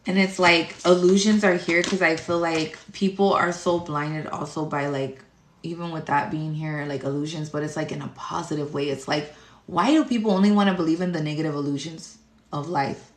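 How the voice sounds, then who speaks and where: A woman with a deep, low voice holds forth as a tarot reader, rambling through a spiritual monologue. She talks bluntly, swears a lot and leans on fillers. Her voice bounces around an echoey room. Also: steady tone, normal speed. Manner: blunt, heavy cursing, rambling with many fillers.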